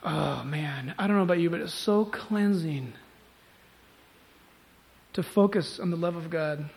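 Pastor at a church service, a man with a high voice, preaching with emphatic swings from loud to soft. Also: measured pace, vocal fry. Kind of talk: sermon. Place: church service before a congregation.

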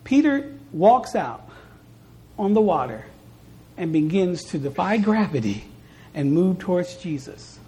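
A woman preaching a sermon at a church service, stressing points by repeating phrases and moving between soft and loud delivery. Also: on the low side, very animated, unhurried.

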